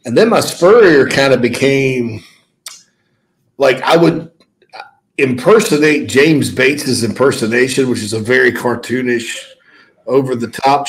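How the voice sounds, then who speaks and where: A man co-hosting a casual sports podcast, an animated storyteller who stammers and restarts, speaking into a laptop mic from an office. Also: mid-range voice, a little slow, rough recording. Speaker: co-host.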